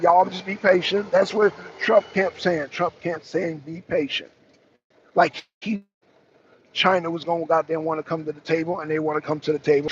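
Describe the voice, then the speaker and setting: A man's voice: high-pitched, dull audio, slight background noise. A man hosting a political talk stream, chatting casually and animatedly with viewers, greeting them by name and swearing often. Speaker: political talk show host. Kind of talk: casual live-stream commentary.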